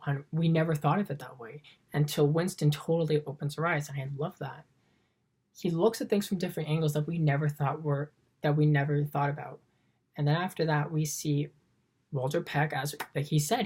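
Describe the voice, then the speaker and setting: Woman film reviewer, deep low voice, eager and rambling scene-by-scene recap. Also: darkish tone, breathy edge.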